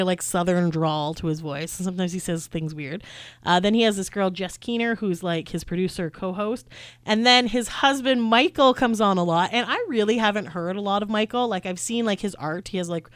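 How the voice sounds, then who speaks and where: A woman co-hosting a podcast, chatting casually and rambling through long stories with quick asides. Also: medium pitch, dry recording. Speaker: podcast co-host. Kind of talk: casual chat.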